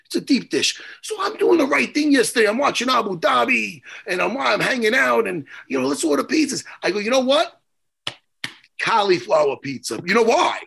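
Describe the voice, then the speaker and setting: A man's voice: extremely high pitch, big pitch swings, brisk, vocal fry, hardly any pauses, bright, forceful tone, breathy edge. A middle-aged man, hosting a podcast, rambling and swearing as he tells stories. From New York. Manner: profane, rambling storyteller. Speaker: podcast host. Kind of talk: casual chat.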